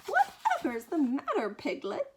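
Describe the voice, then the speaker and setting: Woman doing a calm kind young boy. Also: high-pitched, normal speed, noisy background, voice pushed up.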